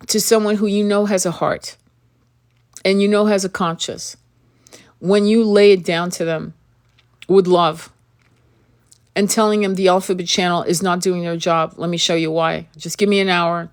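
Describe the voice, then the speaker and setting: An earnest woman hosts an impassioned spoken monologue in a lowish voice. She pleads with her listeners and fires direct questions at them, stumbling and repeating words as she pushes on. A dry cough keeps catching her throat. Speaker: spiritual reader and channel host.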